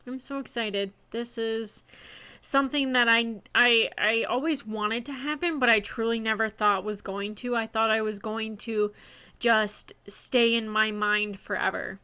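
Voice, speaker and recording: A woman's voice: a little high, fairly even intonation, unhurried, sharp tone, clean tone. A young woman, a self-published author, talking on her livestream, gushing, nervous and close to tears, often restarting her sentences. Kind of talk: emotional casual livestream talk.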